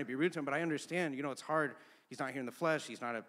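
A man's voice: medium pitch, rapid-fire, fairly bright tone. A young man preaching a sermon in a casual, conversational way, telling personal stories. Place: church sanctuary. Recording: long church-hall reverb.

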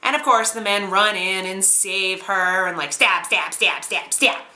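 A woman's voice: mid-range voice, a little slow, pushed and bright, soft background music. A woman recapping an anime episode as a reviewer, chatty and sarcastic. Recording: roomy echo.

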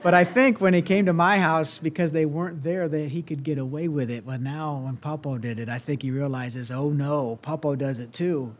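A man with a Southern US accent delivers a sermon in a notably high voice. His delivery is folksy and earnest, full of small restarts and fillers. He sounds like a grandfatherly pastor talking to his congregation. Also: brisk, hardly any pauses.

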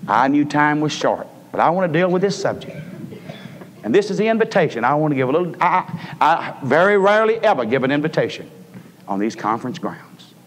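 Man preaching in a reverberant church. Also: fairly high pitch. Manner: preaching with swings from raised to hushed voice. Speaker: pastor. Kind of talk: sermon. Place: church sanctuary. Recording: old church recording with long reverb.

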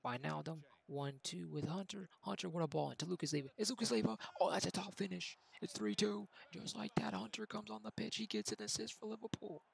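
A young man doing excitable mock play-by-play commentary over his football video game, then chatting about his match. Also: sits high, fairly quick, gravelly, hardly any pauses, slightly rough, poor audio. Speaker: gaming YouTuber. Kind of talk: gameplay commentary.

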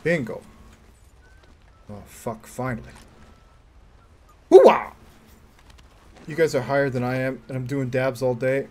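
A young man streaming a game, joking crudely and breaking into loud whoops and yelps. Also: mid-range voice, a little slow, pauses often, slight background noise. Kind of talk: casual livestream chat while playing.

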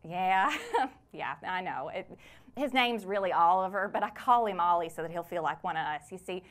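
A woman's voice: fairly low pitch, lively intonation, moderate pace, natural voice. A woman playing a chatty, weary mother of four whose husband is in prison. She speaks, rambles in a friendly way and scolds her kids between sentences. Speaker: stage actor in a one-woman play. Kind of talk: theatrical monologue.

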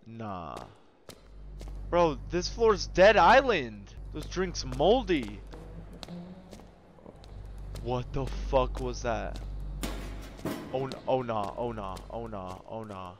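A young man giving casual, profane commentary while playing a horror game, yelping and shouting when something startles him. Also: medium pitch, expressive, slow, long pauses, slight background noise. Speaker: gaming video creator.

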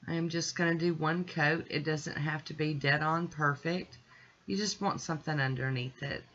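A woman hosting her own nail art channel, narrating a tutorial in a chatty, relaxed way as she works step by step. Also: sits low, moderate pace, dull audio.

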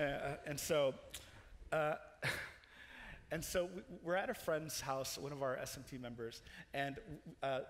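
Animated young man in a reverberant chapel. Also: medium pitch, measured pace. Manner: animated, laughing storyteller with many restarts. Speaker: chapel speaker. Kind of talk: storytelling sermon. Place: large chapel hall. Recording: long hall reverb.

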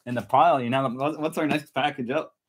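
A man's voice: mid-range voice, steady tone, a little fast, slight background noise. A man hosting a casual unboxing vlog, chatting and laughing often as he opens parcels. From United States. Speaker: vlog host. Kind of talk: casual chat while unboxing.

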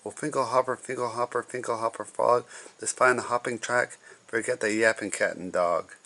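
A man's voice: medium pitch, steady tone, moderate pace, bright, forceful tone. A man reading a storybook aloud, voicing a cheerful male frog who reassures his friend in an upbeat way. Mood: encouraging.

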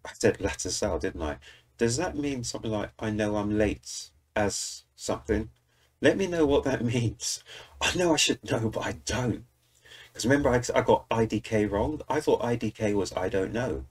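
A man's voice: on the low side, expressive, moderate pace. A British man hosting a music reaction video, chatting enthusiastically and talking straight to his viewers. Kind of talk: casual reaction commentary.

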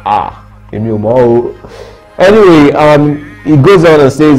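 Lively Nigerian man chatting in slang. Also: on the high side, a little slow, faint music behind. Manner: lively, mixes Pidgin slang, laughs a lot. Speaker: vlogger reading fan reactions. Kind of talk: casual chat.

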